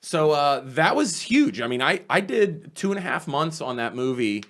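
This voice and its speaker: A comedian, telling stories in a casual podcast chat, animated and swearing freely. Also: male voice, a little high, moderate pace. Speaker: comedian guest.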